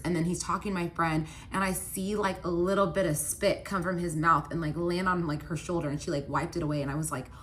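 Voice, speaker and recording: A woman's voice: fairly low pitch, a bit bright, slight background noise. A young woman telling a personal story in a casual storytime vlog, chatty, with many fillers of "like", acting out quoted lines. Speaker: storytime vlogger.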